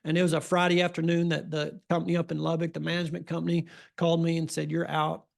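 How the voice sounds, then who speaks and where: Brief: middle-aged man, country doctor, folksy storyteller, gravelly voice, flat delivery. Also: a little high, racing. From Texas. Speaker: family doctor. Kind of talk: storytelling interview.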